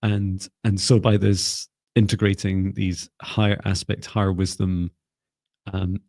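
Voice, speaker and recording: A man co-hosting a live stream, giving gentle, meandering psychic readings with many fillers. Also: low voice, little pitch movement, unhurried, no room sound. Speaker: psychic reader, co-host.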